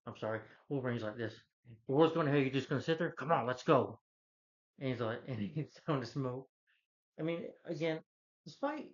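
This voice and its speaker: Rambling man reviewing a movie, lo-fi. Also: mid-range voice. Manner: rambling, restarts, hums the score and quotes lines.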